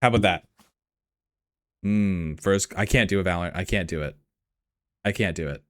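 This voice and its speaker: A man's voice: deep voice, moderate pace, a bit bright, dry recording, studio quality. A man reacting casually on a live stream, laughing often and swearing freely.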